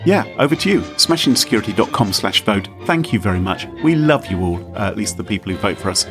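Playful lively man. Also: lowish voice, fast talker, faint music behind. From Britain. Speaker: podcast co-host. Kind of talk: casual podcast chat.

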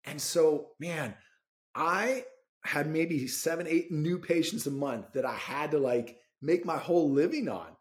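A man, a dentist and interview guest, telling his own story in an animated, informal way. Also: on the high side, a little slow. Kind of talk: casual personal storytelling.

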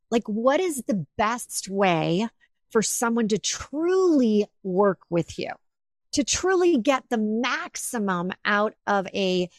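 A woman hosting an interview, retelling a personal story in animated, emotional bursts. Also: medium pitch, no echo, clean studio sound. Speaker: podcast host. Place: home office with windows.

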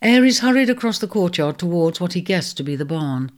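A woman narrating a storybook in a measured, expressive reading. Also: fairly low pitch.

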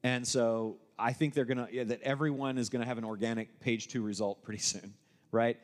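A man's voice: mid-range voice, steady tone, fairly quick, big-room sound. A man co-hosting a live business workshop, explaining ideas to the audience in a loose, conversational way with frequent restarts. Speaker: co-host presenting at a live workshop. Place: event room with an audience.

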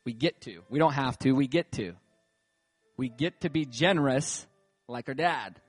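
A man's voice: medium pitch, normal speed, husky. A man, a church leader, telling a story in a sermon, casual and rambling with lots of fillers. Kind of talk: sermon testimony. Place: church hall. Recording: reverberant hall with music behind.

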